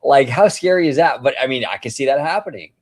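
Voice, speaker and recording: A man co-hosting a casual livestream podcast, talking in an enthusiastic, animated way. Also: medium pitch, fast talker. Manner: enthusiastic, animated, laughs often. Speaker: podcast co-host.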